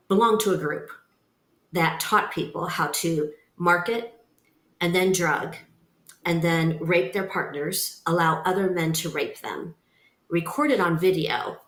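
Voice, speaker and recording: Lowish woman's voice, earnest and emphatic, telling her story on a podcast, echoey room. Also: a bit bright. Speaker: guest, nonprofit founder. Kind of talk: personal testimony in a podcast interview. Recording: roomy echo.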